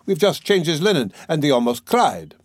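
A man's voice: fairly high pitch, normal speed, dry recording, studio quality, pitched above the performer's own voice. A man doing an eager, hearty young student. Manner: raised, lively, insistent delivery.

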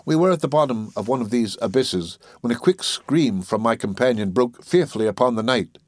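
A man narrating a classic literary story in a measured, solemn storytelling manner. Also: medium pitch, animated, dry recording. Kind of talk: audiobook reading of classic literature.

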